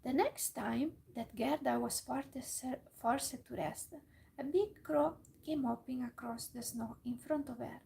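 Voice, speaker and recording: Woman whispering a bedtime fairytale, high voice with a gravelly fry, whispered role-play. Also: poor audio. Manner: soft, slow storybook reading with small slips. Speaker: storyteller.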